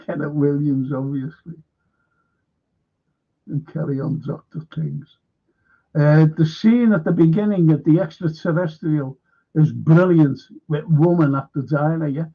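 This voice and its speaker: A man's voice: a little high, steady tone, unhurried, husky, phone-quality sound. A man hosting a casual film chat, retelling scenes and laughing as he goes. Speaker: host.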